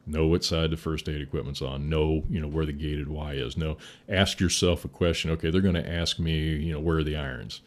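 A man's voice: rumbling low, steady tone, a little fast, few pauses. A middle-aged man, a veteran firefighter, telling folksy stories in a casual interview, laughing and acting out quotes.

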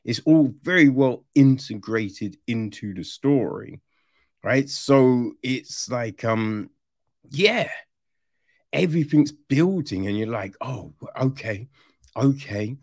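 Reviewer, slow-paced but swingy delivery, dry close sound, casual and sweary. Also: mid-range voice, no echo. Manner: animated, swearing, acts out reactions. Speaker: film reviewer.

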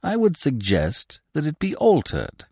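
A man voicing a clever young gentleman who answers with cool, unruffled irony. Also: on the high side, wildly swooping pitch, unhurried, slightly rough, no room sound, studio quality, pitched above the performer's own voice, exaggerated voice. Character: clever young man, bland and quick-witted.

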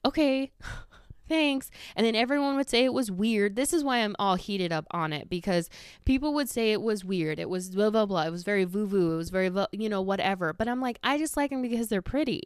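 A woman's voice: medium pitch, smooth, no room sound, studio quality. A woman in her thirties ranting sarcastically in a casual solo podcast, swearing freely and mimicking people.

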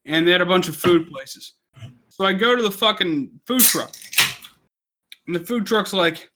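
A drunk man hosting a podcast, telling a story in a profane rant with loud outbursts. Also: sits high, normal speed. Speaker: podcast host. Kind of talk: casual drunk chat.

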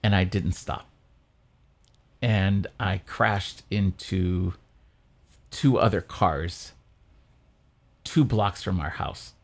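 A man, a priest co-hosting a church podcast, telling a childhood story in casual chat with lively quoted voices. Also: extremely slow, long pauses. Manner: animated storyteller, jumps high for quoted voices.

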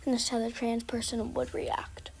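A woman's voice: fairly high pitch, completely flat delivery, moderate pace, creaky, darkish tone. A teenage girl vlogging casually, hesitant and apologetic, with many fillers and restarts. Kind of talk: casual skit vlog.

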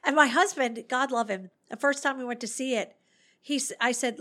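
A woman interviewing a guest in casual chat, eager with her questions and quick to laugh. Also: high-pitched, pushed and bright.

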